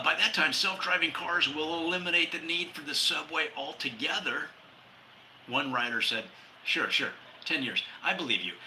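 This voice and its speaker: A man hosting a humor podcast, reading his jokes and a comic essay, laughing at his own lines and jumping up in pitch for quoted characters. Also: sharp tone, a little hiss or hum, rough recording.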